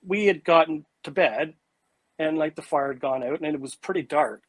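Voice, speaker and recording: Telling a story about an encounter as an interview guest, a man speaks at a normal speed in a slightly high, animated voice. His casual, vivid storytelling is full of "like" and "you know" fillers and restarts, and the dry recording has poor audio quality.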